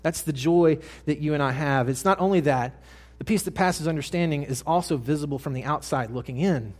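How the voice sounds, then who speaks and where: Earnest preacher man, high voice. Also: brisk. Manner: earnest preaching, swings from soft and hushed to loud emphatic. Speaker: pastor. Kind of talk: sermon.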